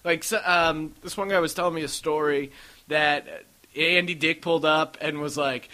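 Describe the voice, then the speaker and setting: A man's voice: a little high, moderate pace, pushed and bright. A man hosting a casual podcast, rambling through stories and acting out what others said. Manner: rambling storyteller, acts out quotes. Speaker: podcast host.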